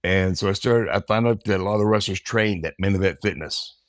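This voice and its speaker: A man in his fifties, a guest in an interview, telling stories in a relaxed, rambling way and acting out quotes. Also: sits low, brisk, no echo, clean studio sound. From American South. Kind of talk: casual storytelling.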